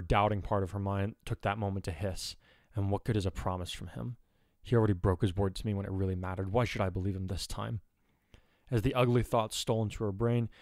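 Low-voiced man narrating a story. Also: darkish tone, no room sound, clean studio sound. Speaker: audiobook narrator. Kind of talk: scripted narration of fan fiction.

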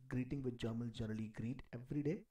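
A man teaching a live online beginner German class, slowly repeating each phrase with care and clearing his throat now and then. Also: mid-range voice, fairly even intonation, warm tone, far from the mic.

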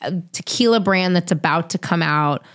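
A woman in her thirties telling stories as an interview guest, animated, profane and self-mocking. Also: fairly low pitch, normal speed. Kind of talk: casual storytelling.

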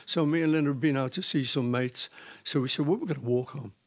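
A man, a guest in an interview, telling a story in a lively way, laughing and acting out the voices of the people in it. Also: mid-range voice, fast. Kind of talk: casual anecdote telling.

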